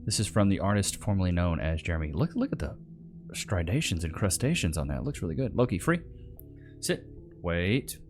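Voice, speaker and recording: A man's voice: sits low, big pitch swings, a little fast, a little mellow, faint music behind. A man hosting a reaction video, mocking the clips he plays in a sarcastic commentary style.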